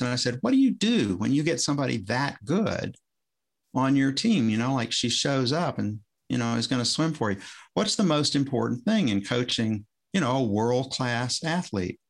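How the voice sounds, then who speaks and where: A former swim coach chats on a podcast in a gravelly, medium-pitched voice. He rambles and interrupts himself, often starting his sentences over in this casual conversation.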